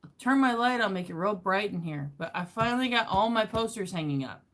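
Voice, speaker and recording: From a messy bedroom, a woman streams live on her phone camera, drifting from topic to topic and getting worked up and excitable. Her mid-range voice moves a little fast.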